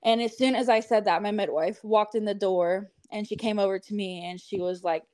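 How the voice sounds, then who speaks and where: A woman's voice: medium pitch, fairly even intonation, a little fast, few pauses, a little mellow, no echo. A woman guest on a podcast, casually telling a story in a chatty way with lots of fillers. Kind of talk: casual chat.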